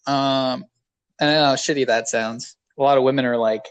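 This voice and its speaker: A man's voice: mid-range voice, fairly even intonation, brisk, smooth, no room sound. Rambling, self-deprecating man co-hosting. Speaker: podcast co-host. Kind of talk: casual podcast chat.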